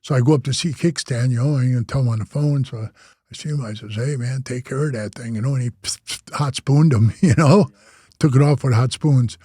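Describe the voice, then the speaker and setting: Husky older man telling stories. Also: mid-range voice, a little fast, mellow, no echo, clean studio sound. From Wisconsin. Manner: rambling, slangy, says "bro" and "man" a lot. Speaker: interview guest, former biker club president. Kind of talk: casual storytelling.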